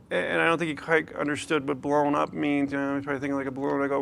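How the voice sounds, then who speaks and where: A man's voice: on the high side, flat delivery, brisk, gravelly, a bit bright, smooth. A young man preaching a sermon as pastor, telling a family story in a chatty way with restarts and quizzing the congregation with questions. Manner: conversational storytelling with nervous restarts and laughs; asks the audience rhetorical questions.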